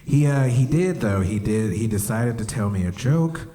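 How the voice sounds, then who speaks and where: A man telling stories in a stand-up comedy set at a club, acting out voices and breaking into shouts. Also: on the low side, moderate pace. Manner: animated storytelling, acts out voices, bursts into shouts. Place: comedy club stage, live audience.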